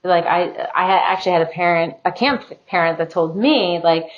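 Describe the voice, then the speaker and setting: A woman's voice: on the low side, a little fast, muffled recording. A woman in her thirties hosting a casual podcast conversation, reflective and earnest, often acting out remembered conversations. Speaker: podcast host.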